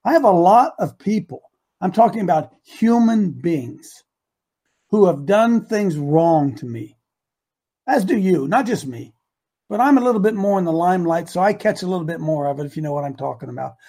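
An older man hosts a radio talk show in a high, husky voice. He lectures his listeners with fervor, building from steady talk into outright shouting. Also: normal speed. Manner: preachy, rising to shouts.

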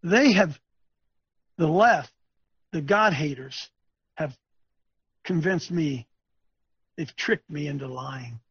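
A man hosting a webcast, delivering a preachy, ranting commentary, repeating himself emphatically and swinging between loud bursts and low muttering. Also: lively intonation, takes it slowly, long pauses, slightly rough, no echo. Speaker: webcast host. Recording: dull lo-fi dry recording.

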